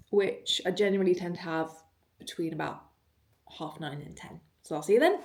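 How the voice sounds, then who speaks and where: A woman's voice: fairly low pitch, normal speed. A young British woman, an online fitness coach, chatting casually and rambling in a day-in-the-life vlog, swearing now and then.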